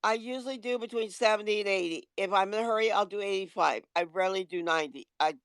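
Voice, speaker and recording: Woman livestream host, blunt and preachy, smooth clear voice, dry close sound. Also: mid-range voice, quick pace, no room sound. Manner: blunt, lecturing, swears casually. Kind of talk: livestream rant.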